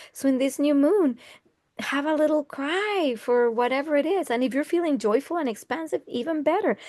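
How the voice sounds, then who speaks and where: A woman's voice: a little high, no room sound, studio quality. A woman astrologer giving an earnest, casual talk, often restarting her phrases and laughing lightly between thoughts.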